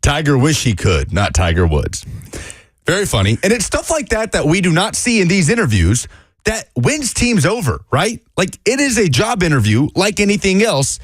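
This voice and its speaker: A man co-hosting a sports radio show, talking through football news in an animated, conversational way on a studio microphone. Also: a little high, normal speed, no echo. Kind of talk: casual sports radio chat.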